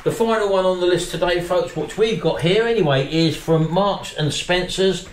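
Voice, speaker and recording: A man's voice: high voice, moderate pace. A man hosting a casual food review, chatting to viewers he calls folks. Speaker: channel host. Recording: echoey room, faint noise.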